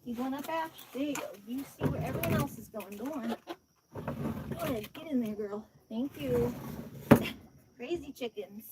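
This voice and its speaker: A woman's voice: on the high side, moderate pace, long pauses. A chatty woman who laughs often, coaxing her chickens into their coop outdoors while talking casually. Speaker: backyard chicken keeper vlogger. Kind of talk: casual chat while doing chores. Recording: noisy outdoor recording with chickens. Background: clucking chickens and outdoor noise.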